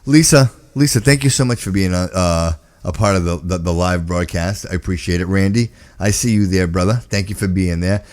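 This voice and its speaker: A man's voice: low voice, a little fast, few pauses, darkish tone. A man hosting a casual live-stream chat, upbeat and jokey, calling people brother. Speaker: host.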